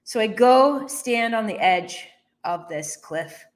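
A woman's voice: a little high, expressive, slow. A woman in her thirties or forties telling a personal business story as a motivational speaker, acting out her own reactions with laughs.

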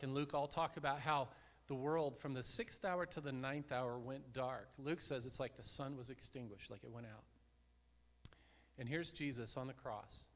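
A man delivers a sermon as a guest preacher, his voice sitting at an ordinary middle pitch. He speaks earnestly and sinks into hushed tones at solemn points. The sound carries a long reverb from the church sanctuary.

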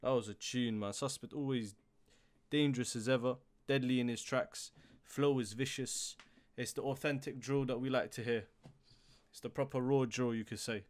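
A young man talks through a music reaction in loose, slang-heavy street speech. His voice sits at an everyday middle pitch and keeps jumping into loud, hyped bursts. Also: fairly even intonation, normal speed. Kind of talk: casual reaction commentary.

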